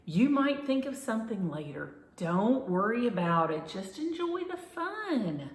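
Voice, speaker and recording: A kind, motherly woman in a storybook who soothes and reassures, her voice lively in pitch, as the reader plays her. The sound is roomy. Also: a little slow. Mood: reassuring. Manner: warm and reassuring. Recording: roomy echo.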